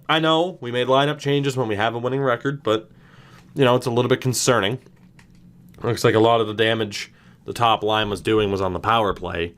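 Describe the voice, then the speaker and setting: A young man giving casual let's-play commentary, thinking aloud with animated reactions and the odd swear word. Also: lowish voice. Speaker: gaming YouTuber.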